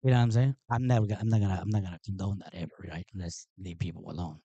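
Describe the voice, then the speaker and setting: A man hosts a live stream in a loose, rambling way, his voice low and mellow. He talks with a mocking, sarcastic edge. The sound is dry and close. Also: fairly even intonation, rapid-fire, dry recording, muffled recording. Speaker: livestream host. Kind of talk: casual live-stream commentary.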